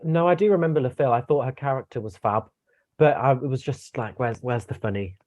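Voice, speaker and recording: A man's voice: medium pitch, fairly quick, a little mellow. A young man giving his views in a casual review chat, chatty and opinionated, with stammering restarts. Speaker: co-host guest.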